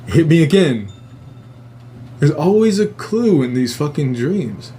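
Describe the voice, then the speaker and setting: A man's voice: on the high side, unhurried, slight background noise. Profane, rambling man telling a story. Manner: profane, rambling, animated retelling. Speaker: host. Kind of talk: casual storytelling.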